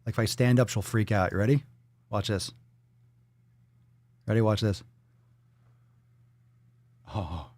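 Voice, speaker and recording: A man's voice: lowish voice, slow, long pauses, darkish tone, no echo. A man hosting a casual livestream, playful and swearing freely, cooing at his dog in baby talk. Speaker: livestream host.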